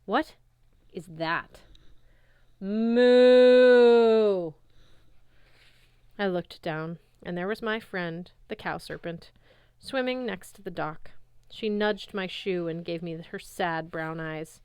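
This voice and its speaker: A woman reading a novel aloud in first person, with lively narration. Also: lowish voice, a little slow, smooth, dry recording, dull audio. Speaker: reader.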